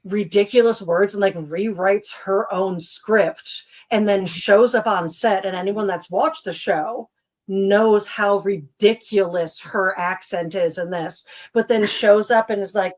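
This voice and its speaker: A woman co-hosting a relaxed chat show, talking in a loose, rambling way. She restarts her sentences often and fills them with "like". She stays animated throughout and laughs easily at herself. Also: medium pitch, a little slow. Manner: chatty and rambling, full of "like" and restarts. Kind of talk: casual chat.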